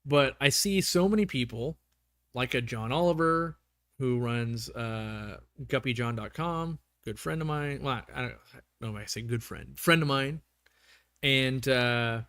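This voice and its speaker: A man's voice: mid-range voice, fairly bright tone, no room sound, studio quality. Rambling man hosting a livestream. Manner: rambling, self-correcting, with many restarts. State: losing his voice. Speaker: livestream host. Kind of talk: casual livestream chat.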